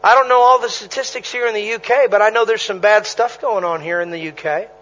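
A man preaching a sermon, telling stories with animated energy, punchy repetition and bursts of laughter. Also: sits high, quick pace, dull audio. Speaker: traveling preacher.

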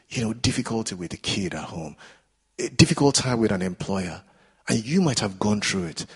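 A man's voice: medium pitch, husky. A man preaching a sermon in a church, earnest and exhorting, repeating phrases as he builds intensity.

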